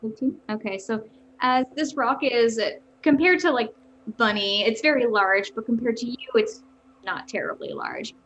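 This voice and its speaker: A woman's voice: a little high, very animated, normal speed, a bit bright, a little hiss or hum. A woman running a tabletop game as dungeon master, narrating scenes with frequent fillers and self-corrections.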